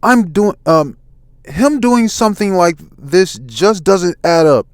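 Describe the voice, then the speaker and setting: A man voicing Luffy, an excitable young pirate captain, talking eagerly and loudly. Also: mid-range voice, slow pace, smooth, no echo, studio quality, voice pushed up. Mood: eager insistent.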